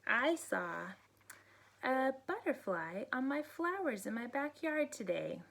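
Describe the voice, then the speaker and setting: Slow, gentle woman reading a bedtime story. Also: sits high, sing-song, vocal fry, slight background noise. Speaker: teacher reading bedtime stories. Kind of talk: storybook read-aloud.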